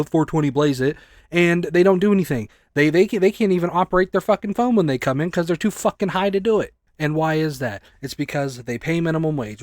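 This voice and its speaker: A man in his twenties, a store clerk, ranting angrily and swearing a lot, often rising close to a shout. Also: a little high, dry recording. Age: 20s. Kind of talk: angry rant to camera.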